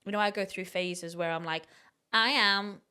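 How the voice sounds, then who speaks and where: A woman's voice: medium pitch, fairly even intonation, normal speed, sharp tone, smooth. A young English woman co-hosting a podcast, telling chatty, self-mocking stories. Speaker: podcast co-host. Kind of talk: casual chat.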